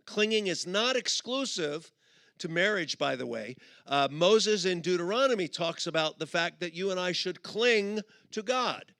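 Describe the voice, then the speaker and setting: A middle-aged man giving a humorous sermon at a conference, telling stories and acting out both sides of a couple in quick put-on voices. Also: high voice, expressive, creaky, fairly bright tone, dry recording, clean studio sound. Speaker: conference speaker. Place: conference auditorium.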